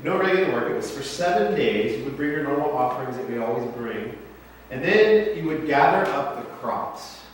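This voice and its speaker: A man preaching in a church, relaxed and chatty, with quick jokes and questions thrown to the congregation. His voice sits in a mid range. It rings with long reverb and is picked up from far across the room, with faint room noise underneath. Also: mid-range voice. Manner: casual, joking and conversational, asking the congregation questions. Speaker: pastor. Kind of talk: sermon. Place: church sanctuary. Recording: echoey church hall from far off.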